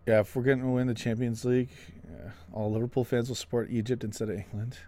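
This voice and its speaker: A man's voice: medium pitch, steady tone, fast talker, mellow. A man from Canada hosting a casual football live stream, chatting and answering viewers in a self-mocking way. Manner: chatty, self-mocking, reads chat aloud. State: out of breath. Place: home room, window open.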